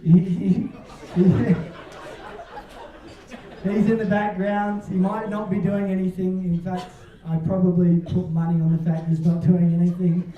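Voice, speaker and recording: A man's voice: high-pitched, level tone, a little slow, a faint crowd. Man giving a toast in an echoing hall. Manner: joking, chuckling between lines. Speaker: wedding speech giver. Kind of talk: wedding toast. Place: wedding reception hall. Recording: distant, roomy, dull-sounding hall.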